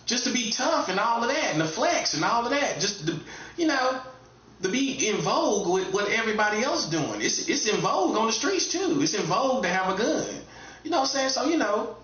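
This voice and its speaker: In a dull, lo-fi recording from an echoey room, a man casts himself as a prophet and speaks a casual, streetwise monologue. He is blunt and emphatic, repeating phrases and shifting between loud high bursts and low mutters.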